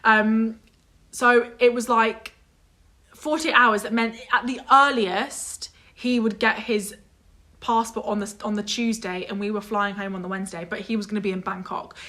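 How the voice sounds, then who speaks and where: A young woman telling a story in casual chat, animated and exasperated, swearing freely and mimicking others. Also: mid-range voice, normal speed. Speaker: vlog guest telling a story.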